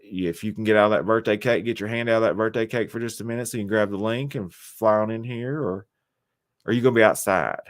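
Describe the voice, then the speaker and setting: A man's voice: lowish voice, fast talker, no echo, clean studio sound. A man hosting a casual livestream, reading and answering viewer chat with jokes and teasing, a little tipsy from wine. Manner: chatty, teasing, joking with chat. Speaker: livestream host.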